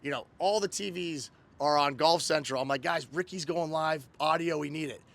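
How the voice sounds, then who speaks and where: Guy host w/ a gravelly edge, kinda higher voice, telling stories all animated. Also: moderate pace. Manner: animated storyteller acting out quotes. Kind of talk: casual recap chat.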